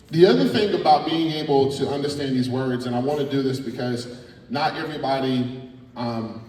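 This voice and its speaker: A middle-aged man, a spoken word artist giving a lively, playful workshop talk to students in a large school hall. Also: medium pitch. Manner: animated and playful, coaching the crowd. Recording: echoey hall from far off.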